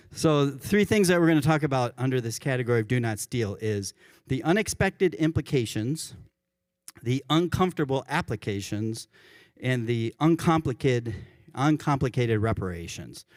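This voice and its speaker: A worship pastor giving a conversational church sermon, often correcting himself mid-sentence. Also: male voice, mid-range voice, lively intonation, normal speed, no echo, clean studio sound. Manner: conversational, self-correcting, chuckles at his own examples. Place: church sanctuary.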